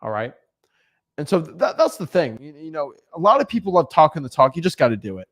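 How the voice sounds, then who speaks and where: A young man giving casual motivational advice as a real estate coach, animated, often repeating and restarting words. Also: on the high side, fast talker. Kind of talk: casual motivational vlog talk.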